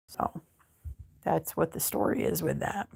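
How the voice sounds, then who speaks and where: A woman hosting a casual crochet livestream, relaxed and chatty, reading viewer comments aloud. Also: sits low, measured pace, vocal fry, slightly rough. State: sleepy, yawning. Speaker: livestream host. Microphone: phone.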